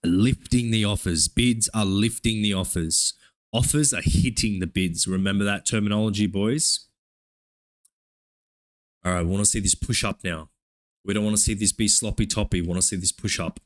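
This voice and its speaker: A young man from Australia with an Australian accent, streaming live trading commentary in a profane, hyped play-by-play with excited oohs. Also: on the low side, moderate pace. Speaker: live-streaming futures trader.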